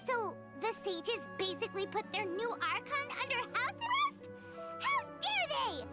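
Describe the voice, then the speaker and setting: A woman voicing a tiny, excitable floating girl companion in a video game, squeaky and bouncy. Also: measured pace, heavily acted. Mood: indignant. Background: game music.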